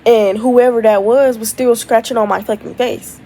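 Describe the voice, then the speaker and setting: A young woman telling a story casually on her vlog, animated and swearing freely, with lots of asides. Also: a little high, normal speed, far from the mic, a crowd in the background, poor audio. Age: young adult. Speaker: storytime vlogger.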